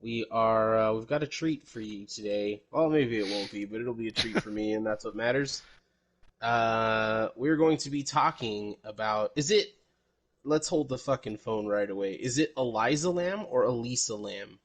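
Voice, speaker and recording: A man's voice: lowish voice, moderate pace. A man from El Paso hosting a podcast in casual, rambling chat, with jokes and swearing. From El Paso, Texas. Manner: rambling, profane, jokey. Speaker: podcast host.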